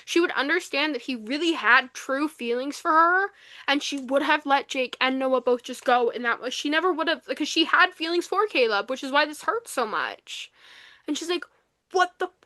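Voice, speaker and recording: Animated young woman recapping a book. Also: sits high, moderate pace, no room sound. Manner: animated retelling, acts out quotes, many fillers. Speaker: podcast co-host. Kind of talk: casual book review chat.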